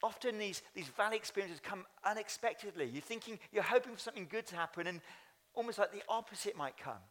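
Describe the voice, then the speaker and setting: A man's voice: sits high, lively intonation, fast, fairly bright tone. A man who is a church leader, preaching a sermon at a Sunday service in a chatty way, speaking straight to the congregation. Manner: chatty, addresses congregation directly.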